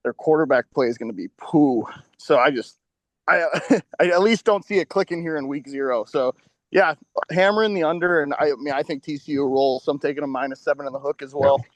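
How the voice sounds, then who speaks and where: Male podcast host, high, dry, quick-joking, profane. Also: no echo. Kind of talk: casual sports betting chat.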